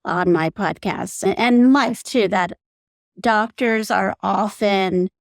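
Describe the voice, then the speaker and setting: A woman hosts a podcast interview, speaking slowly and thoughtfully as she reflects on her guest's story. The sound is dry, with little room in it. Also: medium pitch, dry recording. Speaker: podcast host.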